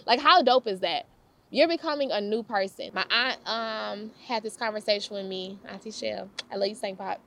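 A young woman giving a casual devotional talk, lively and slangy, laughing often and repeating her phrases for emphasis. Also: mid-range voice, moderate pace, gravelly, a little hiss or hum. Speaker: faith talk host.

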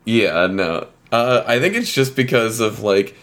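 A man's voice: on the low side, a bit bright. A man playing along as a contestant in a casual quiz chat, hesitant and full of fillers. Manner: hesitant, slow, lots of fillers. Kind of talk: casual podcast game chat.

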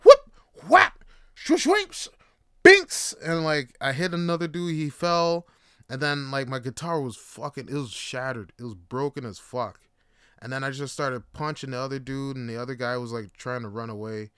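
A podcast host talks through a personal story in a loose, rambling way, swearing often and leaning on filler words. His voice is clear and smooth at a mid pitch. The recording is dry, with no room sound. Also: steady tone, moderate pace, a bit bright, dry recording. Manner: rambling and profane, full of fillers. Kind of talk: casual storytelling monologue.

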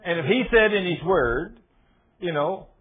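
Folksy preacher over a tinny line. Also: male voice, high voice, expressive, unhurried. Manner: folksy, emphatic, repeats phrases and rises to loud peaks. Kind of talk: sermon.

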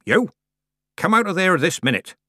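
A man voicing a stern, proud old witch woman with a sharp, commanding, disapproving manner. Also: medium pitch, big pitch swings, brisk, slightly rough, no room sound, clean studio sound, voice pushed up.

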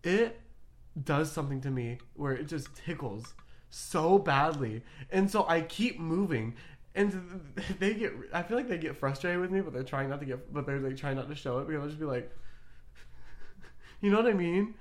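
A man's voice: fairly high pitch, expressive, normal speed. A young man co-hosting a podcast in casual chat, laughing often, swearing and rambling through stories. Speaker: podcast co-host.

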